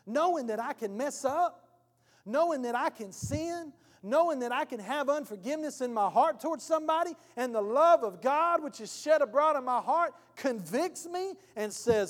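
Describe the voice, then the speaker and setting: A male pastor giving a sermon in a church, telling an animated story and acting out its scenes. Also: very high-pitched, normal speed. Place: church hall. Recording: long reverb of a church hall.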